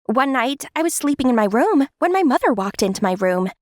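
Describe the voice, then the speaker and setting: Lively high-voiced young woman storyteller. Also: a little fast, few pauses, no room sound. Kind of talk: animated storytime narration.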